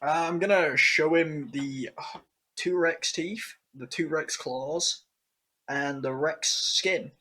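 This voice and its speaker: A man's voice: on the high side, slow pace, pushed and bright, slightly rough. A man playing a tabletop game, joking and swearing casually. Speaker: player. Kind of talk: casual tabletop role-play.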